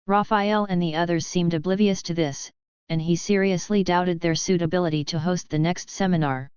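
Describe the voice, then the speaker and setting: A woman narrating a fantasy novel audiobook in an even, steady reading voice. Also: on the low side, clean tone, no room sound, low-quality recording. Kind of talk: scripted narration.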